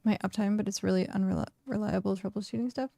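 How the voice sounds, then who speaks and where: A woman's voice: medium pitch, fairly even intonation, quick pace, creaky, dark tone, no echo. A woman casually chatting on a game live stream, reading chat questions aloud, with lots of fillers. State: hiccuping.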